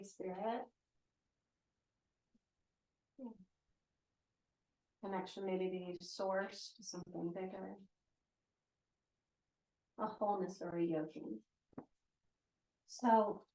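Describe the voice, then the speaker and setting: A woman's voice: medium pitch, darkish tone. A woman in her forties teaching yoga and meditation in a casual live lecture, chatty and full of "right?" asides. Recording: roomy echo.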